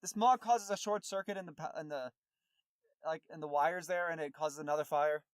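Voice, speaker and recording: A man's voice: a little high, fairly quick, clear, resonant tone, no echo, clean studio sound. A man co-hosting a podcast, recapping a movie in a rambling, casual way with many fillers and restarts. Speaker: podcast co-host.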